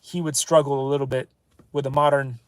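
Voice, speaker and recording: In a smooth, mid-range voice with little pitch movement and no room sound, a channel host rambles through a casual book review. He keeps digressing and cutting himself off with offhand remarks, slowing down to read French phrases with deliberate care.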